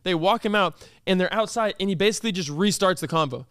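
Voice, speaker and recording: Young man with a high voice, dry. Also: fast, clear, resonant tone, dry recording. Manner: animated, lots of fillers. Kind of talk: casual storytelling.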